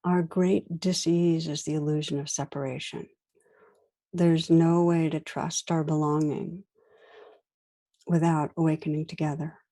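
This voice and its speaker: Low, mellow woman giving a dharma talk. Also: little pitch movement. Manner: gentle, unhurried storytelling with soft pauses. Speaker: meditation teacher.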